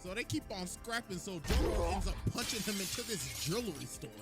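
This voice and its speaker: A man recapping an anime scene as comedy, telling it in animated slang with sudden swings in pitch and loudness. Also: a little fast, over loud music. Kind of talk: comedic recap with character voices.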